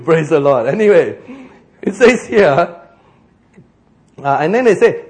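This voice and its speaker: A male preacher with a Singaporean English accent gives a sermon in a rather high voice. He is animated and joking, his pitch rises and falls a lot, and he slows down to stress key points.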